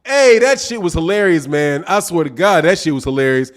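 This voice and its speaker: A man hosts a boxing livestream in a high-leaning, animated voice, speaking briskly. He chats casually and reads out viewer comments in a loose, slangy way, laughing often and calling people "dog."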